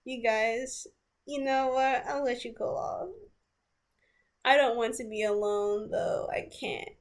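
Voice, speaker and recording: A woman's voice: a little high, fairly even intonation, slow pace. A woman talks through a personal story in a loose, rambling vlog manner. She reads old chat messages aloud, stumbles and restarts, and adds blunt, sweary asides between them. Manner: blunt and casual, swears freely. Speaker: vlogger.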